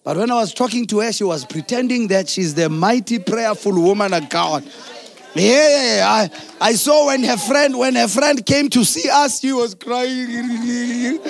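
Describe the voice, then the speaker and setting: A middle-aged man preaching a sermon, swinging from shouted, sing-song peaks to low, quiet asides. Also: unhurried, creaky. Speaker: pastor.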